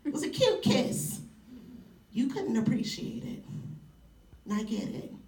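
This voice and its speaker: A woman's voice: a little high, sing-song, a little slow, warm tone. A woman giving a live spoken-word performance to an audience in a university hall, tender and playful, often laughing. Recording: echoey hall, mic far off.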